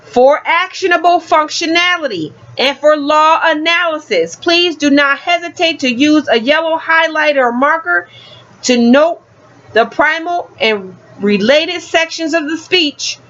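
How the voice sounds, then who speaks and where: High-voiced emphatic woman, lo-fi sound. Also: measured pace, fairly bright tone. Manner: preachy, emphatic, street-talking. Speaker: community educator reading law texts. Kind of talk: casual teaching monologue. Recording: dull lo-fi sound.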